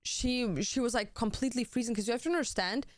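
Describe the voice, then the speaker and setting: A young woman streaming from home, chatting to her viewers and telling a story in a loose, animated way, full of "like" and casual swearing. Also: fairly high pitch, fast talker, no echo, studio quality.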